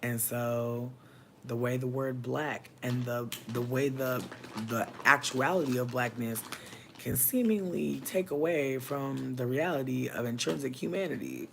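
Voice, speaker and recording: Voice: mid-range voice, measured pace, vocal fry, a little hiss or hum. Impassioned, profane livestream host. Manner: impassioned and preachy, profanity-laced; addresses viewers and chat directly. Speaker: livestream host giving readings. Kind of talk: casual livestream monologue.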